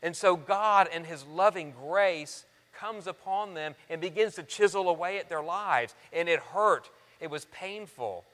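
A man preaching a sermon, earnest, calling his listeners friends and shifting from loud emphasis to soft, hushed lines. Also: fairly high pitch, measured pace, hardly any pauses. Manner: addresses the congregation as friends. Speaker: pastor. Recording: long reverb of a large hall.

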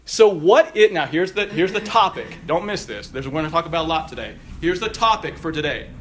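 Emphatic high-voiced male pastor. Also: expressive, moderate pace, fairly bright tone. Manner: emphatic, rising on quoted scripture. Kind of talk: sermon.

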